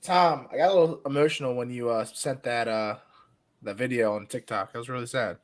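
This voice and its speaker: A man's voice: mid-range voice, fairly quick. A man co-hosting a casual podcast, rambling with many fillers and casual swearing. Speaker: podcast co-host.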